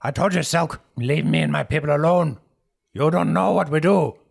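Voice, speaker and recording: A scrappy, short-tempered old man , played by a man, snarls threats in a high, strained voice. He is loud and defiant, and he sounds close to shaking with rage. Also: animated, moderate pace, gravelly, breathy edge, heavily acted. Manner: snarling, shouting.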